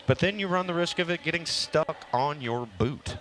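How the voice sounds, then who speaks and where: A man's voice: a little high, normal speed, a bit bright, slight background noise. A man calling a casual kickball game as play-by-play commentator, chatty and joking with his partner.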